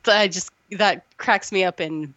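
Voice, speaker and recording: A woman's voice: mid-range voice, unhurried, a bit bright, no echo, lo-fi sound. An emotional woman co-hosts a podcast about old films and gushes over the story as she retells it. She laughs often and sounds close to tears at times. Her voice sits in a middle register, and the recording is dry and close. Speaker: podcast co-host. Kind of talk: casual film review chat.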